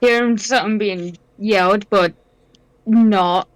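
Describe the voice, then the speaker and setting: A woman's voice: mid-range voice, fairly even intonation, slow, no room sound, low-quality recording. A woman playing a tabletop game, chatting playfully and swearing. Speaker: player. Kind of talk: casual chat in a tabletop game.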